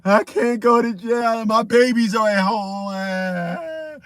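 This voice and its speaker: A woman's voice: on the high side, slow pace, dry recording, clean studio sound. A man mimicking an arrested woman pleading and whining not to be taken to jail. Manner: whiny, pleading.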